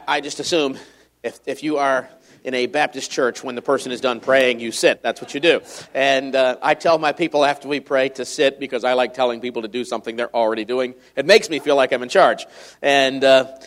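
A middle-aged man from Michigan, a visiting preacher giving a folksy, joking sermon and reading scripture aloud in a raised voice. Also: mid-range voice.

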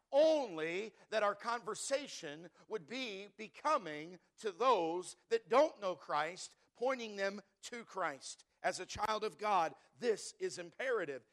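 A man's voice: sits high, fairly bright tone. A male pastor preaching a sermon, emphatic and repeating key words for stress, calling on the congregation to answer back.

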